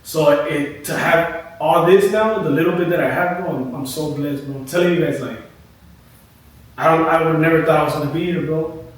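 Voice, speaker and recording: A man's voice: fairly high pitch, fairly quick. A young man, a barber, telling a personal story in loose, casual talk with heavy swearing and "bro" after almost every phrase. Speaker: barber and podcast co-host. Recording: echoey room, mic at a distance, light noise.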